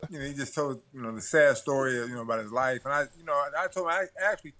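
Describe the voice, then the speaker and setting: Older male boxing coach, quick rambling talker, repeats himself, easy laugh. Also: mid-range voice, bright, forceful tone. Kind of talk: casual talk show chat.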